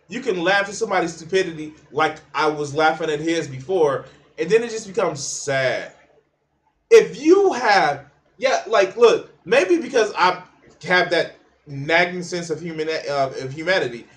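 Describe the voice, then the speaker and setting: A man with a fairly high-pitched voice talks through clips on his stream in a blunt, profane way. He trails off and restarts his thoughts as he goes. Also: animated, measured pace. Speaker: livestream host reacting to videos. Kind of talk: casual reaction commentary.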